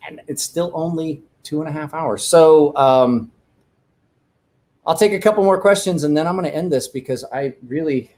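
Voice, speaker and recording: A man's voice: fairly high pitch, moderate pace, a little mellow. A man hosting a casual livestream from home, telling rambling, profane stories while drinking a beer, with frequent restarts. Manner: rambling, profane, self-correcting. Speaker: livestream host. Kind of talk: casual storytelling chat.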